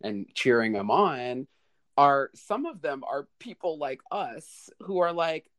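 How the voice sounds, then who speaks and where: A man in a heated panel debate, talking in bursts, restarting his sentences and jumping up to high exclamations. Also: takes it slowly. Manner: lively, restarts often, rising to high exclamations.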